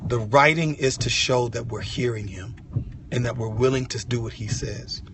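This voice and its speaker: A man's voice: mid-range voice, normal speed, background noise. Fervent man talking from a car. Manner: fervent, repetitive, slangy ("yo", "y'all"). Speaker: worship leader sharing a devotional message. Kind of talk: impassioned devotional vlog talk. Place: inside a vehicle.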